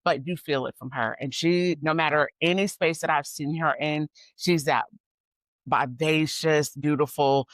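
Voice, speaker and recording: A woman hosting a podcast who gushes warmly and calls out to her listeners as "y'all" and "squad", sounding excited and emotional. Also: low voice, a little slow, no room sound. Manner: effusive and gushing, talks straight to listeners as "y'all" and "squad". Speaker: podcast host and coach. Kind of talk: upbeat podcast chat.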